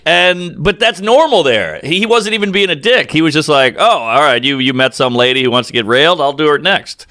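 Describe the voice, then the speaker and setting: A man on a podcast telling a crude comic story in a casual, deadpan way, with bits of put-on voices. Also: on the high side, a little fast, dry recording, clean studio sound. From United States. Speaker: comedian podcast host.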